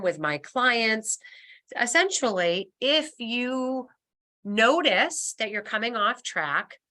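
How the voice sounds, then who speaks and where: A middle-aged woman leads a webinar about planning life changes, speaking as a senior move manager. Her voice is bright and clear, and she talks in an encouraging, reassuring way. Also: medium pitch. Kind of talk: webinar presentation.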